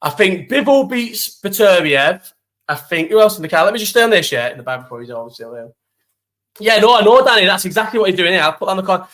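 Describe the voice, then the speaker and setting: A young man hosts a casual live chat, telling a holiday story full of slang and swearing. His voice sits a little high and sounds bright and forceful. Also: lively intonation, fast.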